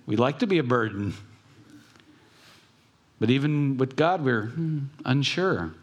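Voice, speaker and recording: A pastor giving a conversational sermon, telling stories with pauses and restarts. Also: male voice, mid-range voice, expressive.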